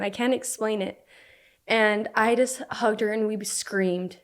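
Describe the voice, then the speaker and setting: A young woman from Utah speaks as a podcast guest, telling her story conversationally. She talks in halting bursts, leaning on "like" again and again. Her pitch sits in an ordinary middle range. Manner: halting, filler-heavy speech with frequent "like".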